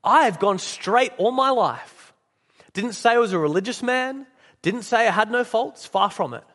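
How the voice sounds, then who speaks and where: A blustering, aggrieved male ghost, put on by a preacher reading aloud, who demands his rights. The voice sits high and pushes hard. It rings out with a long echo, as in a church hall. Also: animated, moderate pace, fairly bright tone. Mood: indignant.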